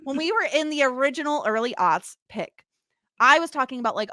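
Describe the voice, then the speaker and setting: Clean studio sound with no echo carries a thirtysomething woman's high voice at a moderate pace. Co-hosting a podcast, she keeps the chat light and playful, full of jokes and sudden laughs.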